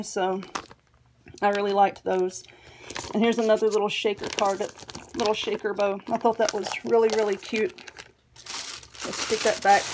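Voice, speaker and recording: A woman's voice: a little high, a little hiss or hum. A woman with a Southern US accent, chatting casually and rambling while showing her mail, often giggling. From Southern United States. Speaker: vlogger.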